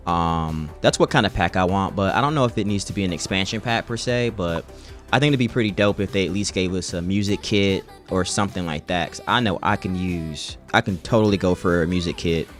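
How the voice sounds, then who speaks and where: A man's voice: deep voice, brisk, faint music behind. A young man streaming live, chatting casually with his chat in a laid-back, slangy way.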